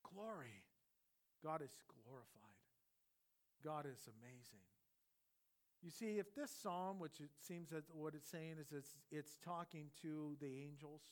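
Man, pastor, high voice, sermon, conversational, loud-to-hushed swings. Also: a little slow. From California.

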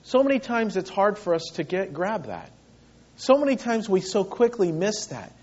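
A man's voice: sits high, sing-song, normal speed, darkish tone, slightly rough, highs cut off. A man preaching a sermon as pastor, earnest and emphatic, repeating phrases for weight.

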